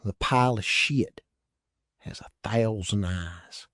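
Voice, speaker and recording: A man voicing an odd boy who speaks gravely and deadpan. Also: fairly low pitch, slow pace, no echo, studio quality. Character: odd half-blind boy, deadpan and cheeky.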